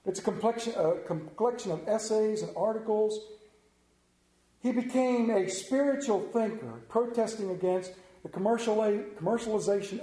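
Preacher with dramatic hushed drops. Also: male voice, high-pitched. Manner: dramatic pauses, drops to a hushed voice on key words. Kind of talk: sermon. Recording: echoey room.

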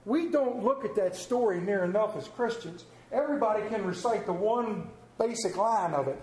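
A man's voice: high-pitched, expressive, moderate pace, darkish tone. A man preaching a sermon as pastor, telling folksy stories and joking about himself. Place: church. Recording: echoey church room.

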